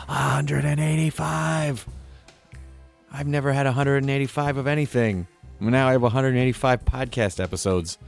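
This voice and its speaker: Lively playful male podcast host. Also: medium pitch. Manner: playful, jokey, slips into a radio DJ voice. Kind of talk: casual podcast chat and ad reads.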